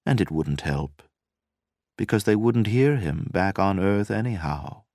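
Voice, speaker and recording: A man narrating a story in a measured, dramatic reading style. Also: lowish voice, animated, a little mellow, no echo, studio quality. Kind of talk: scripted audiobook narration.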